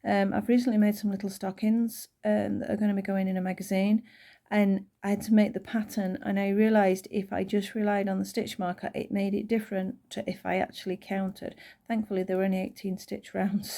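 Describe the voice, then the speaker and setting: A chatty woman with a Northern English accent talks through a crochet tutorial, wandering into friendly asides and plenty of fillers. Her mid-pitched voice has a gravelly, creaky edge. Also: fairly even intonation, moderate pace, mellow. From Northern England. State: voice tiring.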